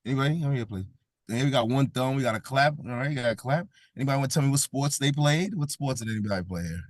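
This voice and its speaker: Lively man giving a joking talk. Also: medium pitch, rapid-fire, dry recording, clean studio sound. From Brooklyn, New York. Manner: joking, audience-engaging, laughs often. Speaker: event speaker. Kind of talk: comedic motivational talk.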